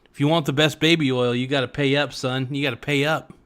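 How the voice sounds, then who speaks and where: A man's voice: mid-range voice, steady tone, fast, fairly bright tone, clear, resonant tone. A man as a podcast guest in casual chat, crude, joking and rambling.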